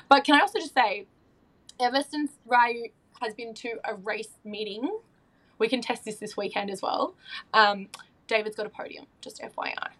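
A woman's voice: on the high side, a bit bright, low-quality recording. A woman, chatting as a podcast guest, gushing and emotional, with many restarts and fillers. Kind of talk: casual chat.

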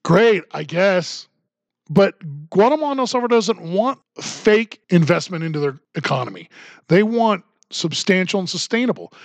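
A man's voice: sits high, sing-song, normal speed, no echo. A man hosting a political commentary podcast, ranting in a sarcastic tone. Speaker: podcast host.

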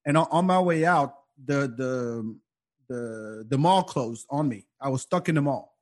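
A man's voice: mid-range voice, measured pace. A man telling stories in a casual podcast chat, acting out the people in them. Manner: animated, acts out voices in stories. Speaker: comedian guest.

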